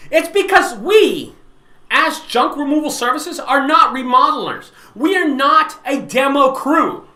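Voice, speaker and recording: A man's voice: very high-pitched, measured pace. A man who runs a junk removal business, talking casually to camera and repeating his points for emphasis. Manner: animated, repeats points for emphasis, many fillers and restarts. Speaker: junk removal business owner and channel host. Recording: roomy echoey room.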